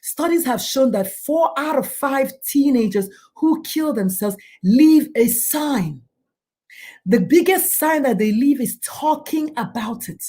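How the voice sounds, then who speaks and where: A woman's voice: high voice, animated, slow, dark tone. A middle-aged woman speaking as a guest in a talk show interview, emphatic and preachy, often acting out the people she quotes. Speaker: guest, doctor and suicide prevention speaker.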